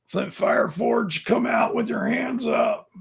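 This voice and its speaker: A man voicing a gruff male Southern prison guard who barks orders in a put-on American Southern drawl. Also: very high-pitched, slow pace, voice pushed up, heavily acted. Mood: bossy.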